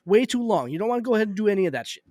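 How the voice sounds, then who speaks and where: Animated high-voiced storytelling man. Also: racing, no echo, studio quality. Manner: animated storyteller, swears and laughs. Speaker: podcast guest, game designer. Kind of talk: casual storytelling chat.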